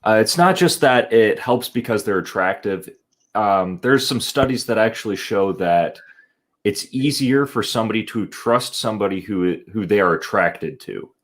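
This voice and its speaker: A man in a live online chat, explaining points in a measured way with fillers. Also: fairly low pitch, lively intonation. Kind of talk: casual group chat.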